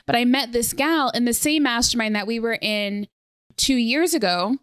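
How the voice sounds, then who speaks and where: A young woman hosting a podcast in casual conversation, lively and fond of acting out what others said to her. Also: a little high, normal speed, clean tone, no room sound, studio quality. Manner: animated, acts out quoted exchanges. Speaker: podcast host. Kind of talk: casual interview chat.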